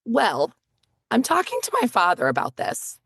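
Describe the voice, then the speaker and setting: A woman co-hosting a podcast, telling stories in casual chat with quick asides and lots of fillers. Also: a little high, huge pitch swings, creaky, a bit bright, husky, dry recording, studio quality. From northeastern United States. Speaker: podcast co-host.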